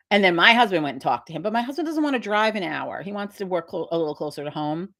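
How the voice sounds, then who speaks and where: A woman's voice: fairly low pitch, very animated, fast, hardly any pauses, fairly bright tone. A middle-aged woman hosting a casual live stream, rambling and swearing as she tells a story with quoted voices. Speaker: host of a live witch community stream. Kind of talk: casual livestream chat.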